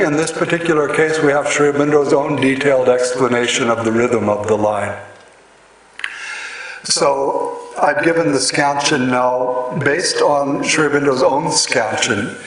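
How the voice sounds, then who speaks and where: A man giving a lecture on poetic rhythm, explaining patiently with pauses and fillers, recorded in a hall before an audience. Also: medium pitch, a bit bright. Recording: echoey hall, voice from far off, audience present.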